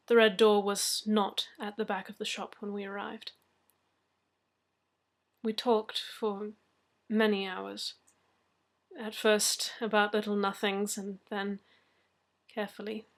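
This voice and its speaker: A woman reading a story aloud in a measured, soft-spoken narration. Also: mid-range voice. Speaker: story reader. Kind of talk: audiobook-style story narration.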